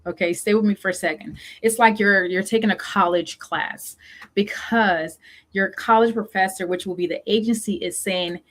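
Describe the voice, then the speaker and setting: A woman's voice: medium pitch, normal speed. A woman host with a Southern US accent, coaching founders in a casual solo talk, repeating her questions and using many fillers. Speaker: show host and funding consultant.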